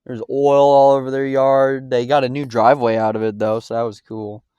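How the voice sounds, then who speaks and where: A man's voice: medium pitch, flat delivery, normal speed, warm tone, clean tone, no echo, muffled recording. A man hosting a podcast, reacting to clips in a blunt, profane, ranting way. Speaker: podcast host. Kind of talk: casual reaction commentary.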